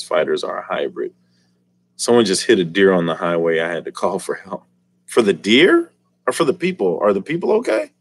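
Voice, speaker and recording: A man hosting a casual live stream, joking and teasing the chat and laughing often. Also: sits low. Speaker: livestream host.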